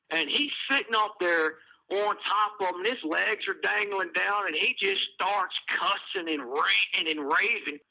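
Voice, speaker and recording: A man's voice: high-pitched, pushed and bright, rough recording. A man, casually telling a prison story, rambling, swearing and laughing at it. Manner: rambling, profane, laughing at his own story. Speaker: podcast host, prisoner telling stories.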